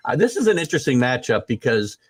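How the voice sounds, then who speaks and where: A man's voice: mid-range voice, sing-song, fast. A man hosting a casual sports talk show, opinionated and rambling, with lots of fillers and restarts.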